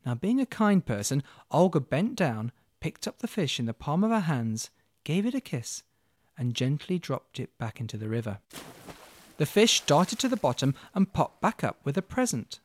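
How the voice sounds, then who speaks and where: A man telling a fairy tale in an expressive, playful way, speaking straight to the listener. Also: on the high side, normal speed, no room sound. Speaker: storyteller. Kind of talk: dramatic storytelling.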